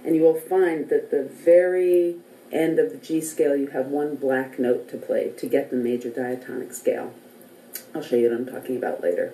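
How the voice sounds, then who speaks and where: A woman teaching a casual singing lesson beside a piano, speaking and singing scale notes in her low morning voice. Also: fairly even intonation, normal speed, reverberant, poor audio. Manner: friendly, counts and sings scale notes. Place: relative's house, near a piano.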